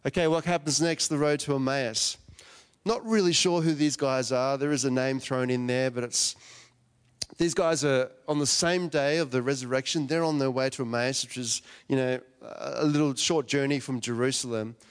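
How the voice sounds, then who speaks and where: A man's voice: mid-range voice, normal speed, clean tone. Chatty man preaching in a reverberant hall. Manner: chatty, asks the listeners questions. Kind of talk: conversational sermon.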